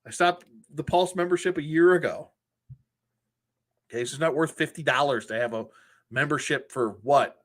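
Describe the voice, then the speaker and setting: A man's voice: on the high side, normal speed, long pauses. A man hosting a collectors' show, telling a frustrating customer service story in a casual, exasperated way with acted quotes. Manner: exasperated, retells phone calls in acted quotes.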